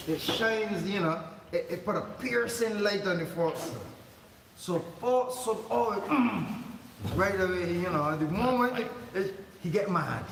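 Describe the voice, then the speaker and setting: A man's voice: high-pitched, moderate pace, creaky. A man teaching an informal Quran commentary class in a mosque, talking in a chatty way, laughing often and repeating his words. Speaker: religious teacher. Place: mosque hall. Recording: echoey hall, far mic, noisy.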